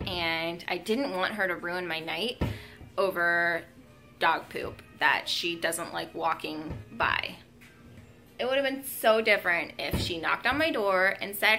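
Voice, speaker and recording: A young woman with a bright, forceful voice sits at home and tells a story to the camera. She speaks in a casual, emotional way, with her pitch set a little low, and fills her pauses with "um" and "like". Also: faint music behind. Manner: emotional, lots of fillers like "um" and "like". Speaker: vlogger.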